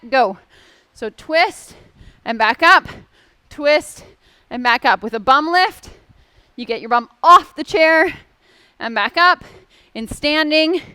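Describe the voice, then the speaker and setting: A young woman with a Canadian accent coaches an exercise class in a high, bright voice. She calls out moves and counts with upbeat encouragement. The sound is close and dry, with no room echo. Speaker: exercise instructor.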